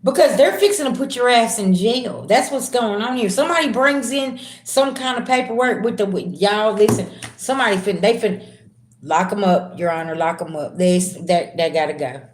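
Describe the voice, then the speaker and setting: A woman reading tarot on a live stream, slangy and chatty, calling her viewers "babies" and swinging from low murmurs to loud, excited bursts. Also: moderate pace, a little hiss or hum. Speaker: tarot reader. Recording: roomy echo.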